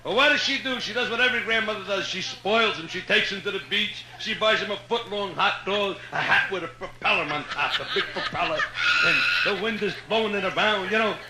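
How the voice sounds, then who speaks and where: A man's voice: high-pitched, a little fast, heavy background noise. A man with a Brooklyn accent doing live stand-up, telling jokes in a brash, chatty style full of "you know" and "right?". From Brooklyn, New York. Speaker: stand-up comedian. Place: hotel nightclub, live audience. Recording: echoey live room on old vinyl.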